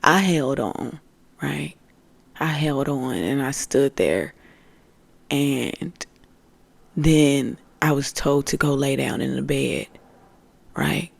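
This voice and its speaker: A spiritual podcast host telling a story in a casual monologue, calling listeners "family" and swinging between loud outbursts and hushed whispers. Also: mid-range voice, slow, creaky, pauses often, no echo. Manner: addresses listeners as family, streetwise slang.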